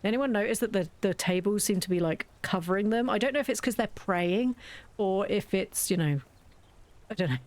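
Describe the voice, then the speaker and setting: A woman's voice: medium pitch, moderate pace, a little mellow. Chatty British woman streaming a game. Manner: chatty, joking, self-mocking. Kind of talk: casual game commentary.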